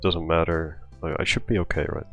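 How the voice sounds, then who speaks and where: A man's voice: low-pitched, fairly even intonation, a little fast, soft background music. A man telling a rambling personal story in casual talk, out of breath, often restarting his sentences. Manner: rambling, with many restarts and fillers. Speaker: storytime vlogger.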